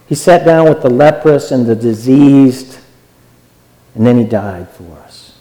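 A man's voice: mid-range voice, expressive, a little slow, mellow. A man preaching a sermon, earnest and exhortative, and often repeating his phrases. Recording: long hall reverb.

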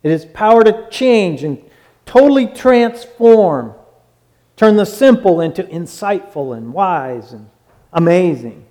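A man preaching a sermon as pastor, swinging from loud exclaiming to hushed words. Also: sits high, animated, slow.

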